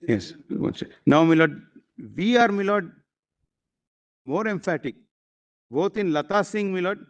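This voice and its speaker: A man's voice: sits high, expressive, unhurried, dull audio. A man arguing before a court, formal and deferential, addressing the bench constantly and sometimes hesitating with fillers. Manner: hesitant at times, with fillers and restarts. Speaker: advocate. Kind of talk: courtroom argument.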